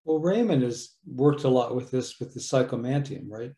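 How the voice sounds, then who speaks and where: A man on a video call asking a slow, hesitant question in an interview. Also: medium pitch, warm tone, reverberant. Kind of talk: casual interview chat.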